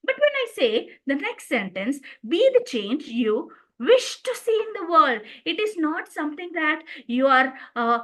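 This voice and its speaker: A woman teaches communication skills in a lecture, her voice pitched high and swinging widely as she stresses single words to show intonation. She often breaks off and restarts a phrase mid-sentence. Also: bright, forceful tone. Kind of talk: training lecture.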